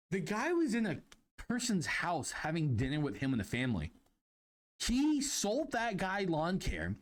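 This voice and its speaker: A young man hosting a podcast, telling job anecdotes in a rambling, animated way with lots of restarts. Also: high voice. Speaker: podcast host. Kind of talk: casual storytelling monologue.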